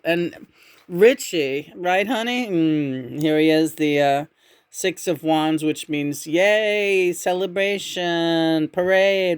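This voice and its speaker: A woman giving a casual tarot reading in a musing, meandering way, often humming softly between thoughts. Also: low voice, slow, smooth, no room sound. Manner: meandering, musing, with frequent murmured hums. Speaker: tarot reader.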